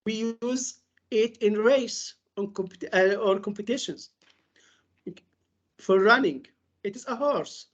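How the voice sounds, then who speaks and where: Slow, drilling woman English teacher. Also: medium pitch, dull audio. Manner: repeats example words slowly, drill-like. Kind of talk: webinar lecture on pronunciation.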